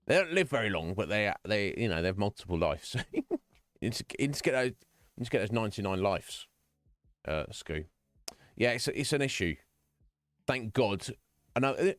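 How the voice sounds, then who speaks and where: Deep-voiced man chatting on stream. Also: no echo. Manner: earnest, rambling, with frequent restarts. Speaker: streamer talking to chat. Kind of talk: casual chat. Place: home streaming room.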